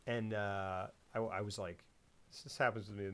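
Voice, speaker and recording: A man hosting a casual film podcast. He retells scenes with lively sound effects and voices. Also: fairly low pitch, normal speed. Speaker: podcast host.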